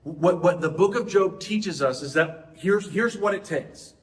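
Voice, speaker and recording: Middle-aged male preacher, conversational sermon, a bit high-pitched, roomy echo. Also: a little slow. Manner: conversational, asks the audience questions.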